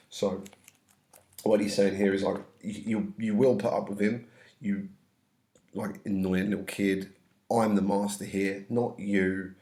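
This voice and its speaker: A man's voice: lowish voice, level tone, a little slow, a little mellow. A man teaching an English class, reading lines from a play and then explaining them in casual everyday words, sounding slightly under the weather. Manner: reads verse aloud then paraphrases in casual slang. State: slightly ill.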